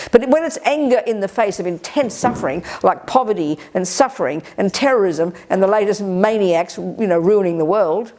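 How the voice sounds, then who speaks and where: An older woman giving a Buddhist teaching at a retreat, animated and emphatic, slipping into other people's voices when she quotes them. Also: mid-range voice. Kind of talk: Dharma talk at a retreat.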